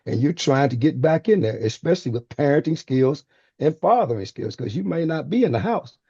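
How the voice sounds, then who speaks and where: A man on a radio panel lays out his fatherhood lessons in a calm, explanatory way. His voice is dark and a little husky. The line sounds dull and muffled. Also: a little high, fairly quick, no echo. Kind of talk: casual radio panel talk.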